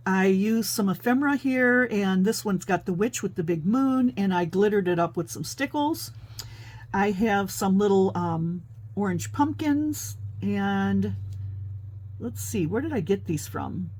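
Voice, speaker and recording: This woman hosts a paper crafting show and is showing off her work in a relaxed show-and-tell. She's chatty and full of fillers as she thinks out loud, and her medium-pitched voice is a little mellow and husky.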